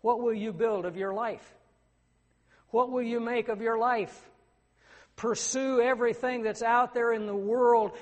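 A man with a high, light voice delivers a sermon in a church sanctuary. He speaks earnestly and climbs into emphatic declamation. A long reverb trails after every phrase. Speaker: preacher.

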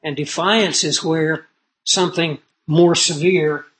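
A middle-aged man preaching a sermon in an earnest storytelling way, swinging between loud emphasis and low asides. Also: steady tone, slow pace, rough recording.

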